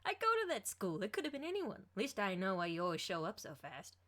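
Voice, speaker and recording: A woman voicing a flustered, secretive teenage girl superhero, hushed and nervous. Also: medium pitch, sing-song, quick pace, lightly acted.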